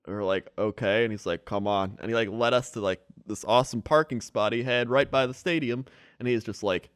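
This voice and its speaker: A man's voice: fairly quick, clear, resonant tone, no room sound, clean studio sound. A man co-hosting a podcast, telling a story in casual chat and acting out the people in it. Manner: animated storyteller, acts out people in high voices. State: sick with flu. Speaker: podcast co-host.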